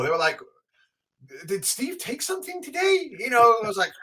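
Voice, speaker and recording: A man co-hosting a podcast, telling an animated story in casual chat and acting out the quotes. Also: high-pitched, brisk. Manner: animated, acts out quotes with big swings. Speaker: podcast co-host.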